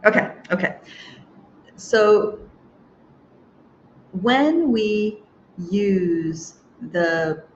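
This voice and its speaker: A woman's voice: mid-range voice, expressive, drawn-out words, pauses often. Woman host with a dull, lo-fi sound. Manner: rambling storytelling, laughs often, many restarts. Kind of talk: live spiritual chat, reading viewer comments. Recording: dull lo-fi sound with faint hiss.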